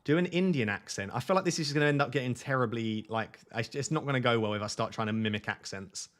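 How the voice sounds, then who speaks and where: A fast-talking man with a medium-pitched, slightly bright voice hosts a live fantasy football stream from home at night, reading the chat aloud in a jokey, self-mocking way.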